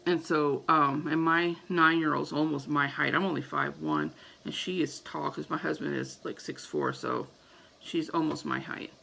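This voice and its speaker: A woman's voice: deep voice, animated, moderate pace, creaky, bright, forceful tone, slight background noise, rough recording. A woman in her thirties telling a story casually to camera as a vlogger, acting out her own panicked reactions.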